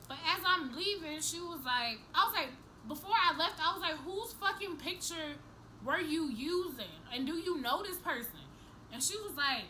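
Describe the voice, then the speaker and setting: Young woman vlogger, high bright voice, animated and profane storytelling, faint room noise. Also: rough recording. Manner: animated, profane, acts out each person's lines, laughs through the story. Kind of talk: casual storytelling to camera.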